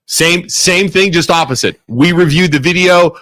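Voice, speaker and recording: A man's voice: fairly high pitch, fairly bright tone, no echo. A man hosting a local call-in talk show, casual and joking. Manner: casual, joking, quick to agree. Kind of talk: local talk radio discussion.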